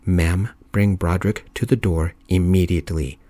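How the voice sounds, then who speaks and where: A stern male police officer laying out the law in a steady, formal way, as a soft-spoken storyteller puts him on. The voice sits very low and mellow. The recording is close and dry. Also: normal speed, no echo. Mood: firm. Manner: formal, steady, reads out rules.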